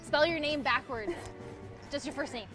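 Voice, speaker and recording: Cheerful high-voiced female interviewer. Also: normal speed, a bit bright, faint music behind. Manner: cheerful, laughs often. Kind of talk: playful quick-fire interview.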